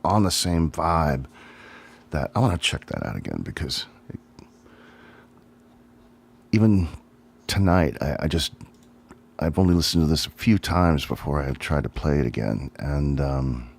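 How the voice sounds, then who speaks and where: Low male voice, middle-aged drummer, rambling livestream talk, fond and unhurried. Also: very animated, creaky, slightly rough. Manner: rambling, reminiscent, thinks aloud with many ums. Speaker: drummer looking back on his old band. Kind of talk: casual solo livestream talk.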